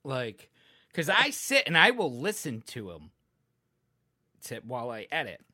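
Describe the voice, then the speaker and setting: A man's voice: mid-range voice, very animated, a little slow, no room sound. A man hosting a podcast in casual chat, rambling with lots of fillers and casual swearing. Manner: close to the mic, sometimes trails off quietly. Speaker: podcast host and editor.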